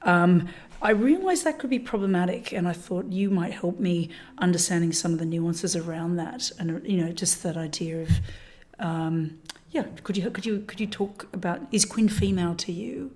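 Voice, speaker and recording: A woman's voice: fairly low pitch, normal speed, darkish tone. A woman hosting a casual chat, talking with hesitant restarts and trailing asides. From Australia. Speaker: host.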